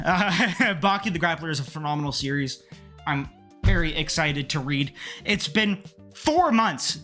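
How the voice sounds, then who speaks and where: A man talking casually in a haul vlog, excitable and quick to get heated, swearing freely as he rants. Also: on the high side. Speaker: manga collector vlogger.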